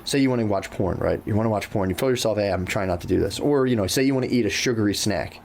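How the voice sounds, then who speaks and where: A man's voice: lowish voice, fast talker, vocal fry, a little mellow, a little hiss or hum. A man co-hosting a podcast in loose casual chat, swearing freely, saying "dude" often and acting out his own thoughts. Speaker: podcast co-host.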